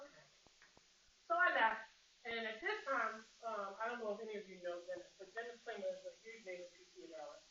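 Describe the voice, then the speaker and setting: A woman's voice: medium pitch, fast. Candid middle-aged woman lecturing from afar. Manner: candid, lively storyteller, casual. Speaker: physical therapy instructor. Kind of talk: lecture with personal storytelling. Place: classroom. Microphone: far room mic. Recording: distant, roomy, muffled with hiss.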